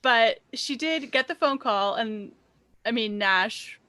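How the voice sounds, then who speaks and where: Bright, wry woman podcaster. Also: fairly high pitch, takes it slowly, dry recording. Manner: animated, acts out scenes in quoted voices. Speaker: podcast co-host. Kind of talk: casual movie chat.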